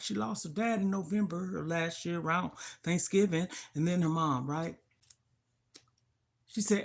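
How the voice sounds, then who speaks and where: A woman's voice: fairly low pitch, unhurried, gravelly. An older woman hosting a livestream, telling an emotional personal story of loss in a heartfelt, grieving way that sometimes turns indignant. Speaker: livestream host.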